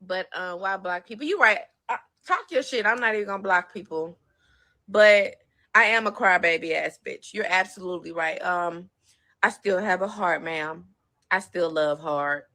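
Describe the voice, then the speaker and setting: A woman's voice: lowish voice, moderate pace, sharp tone. A woman talking on her livestream, tearful, rambling and defensive. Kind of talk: emotional live stream talk.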